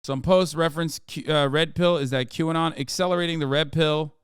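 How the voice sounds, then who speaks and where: A man streams profane political commentary, reacting to news and reading articles aloud, ranting and swearing between passages. His voice is on the high side, steady, and brisk with a clean tone, in a dry, studio-quality recording.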